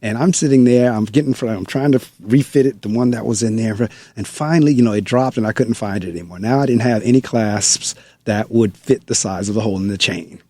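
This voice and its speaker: A man hosting a conversational interview speaks as a school principal in a lowish, mellow, dry voice. He talks briskly with few pauses, telling stories with animated emphasis and repeating phrases to drive his points home. The recording is close and dry, with little room sound.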